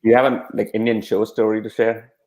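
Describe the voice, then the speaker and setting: A man's voice: on the low side, flat delivery, a little fast, a little mellow. A man hosting a casual podcast, laid-back, asking questions between laughs. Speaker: podcast host. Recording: faint background noise.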